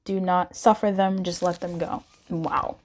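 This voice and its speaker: A woman doing a casual pick-a-card tarot reading, chatty and expressive as she talks straight to the viewer. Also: fairly low pitch, unhurried. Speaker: tarot reader.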